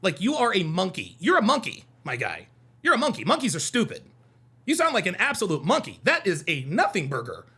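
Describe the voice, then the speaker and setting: A young adult man hosts a heated call-in stream, answering chat with combative, mocking jabs and hammering the same points again and again. His voice sits high for a man, gravelly and forceful, and it swings widely in pitch. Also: huge pitch swings, brisk. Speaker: host of a call-in show.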